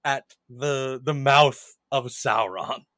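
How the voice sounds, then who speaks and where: A man's voice: mid-range voice, takes it slowly, a bit bright, no echo. A man co-hosting a casual podcast, chatting and analyzing a film scene in detail. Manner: chatty, analytical, quotes film lines in mock voices. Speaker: podcast co-host.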